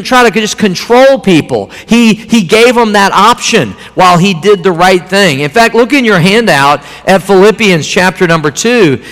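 A man's voice: sits high, fairly bright tone. A man preaching a sermon in a folksy, conversational way, repeating phrases as he teaches from a handout. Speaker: pastor. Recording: long hall reverb.

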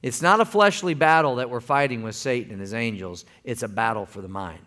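A man's voice: medium pitch, a little fast, sharp tone. A man preaching a sermon as pastor, folksy and calling on the congregation to answer back. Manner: folksy, calls for congregation responses.

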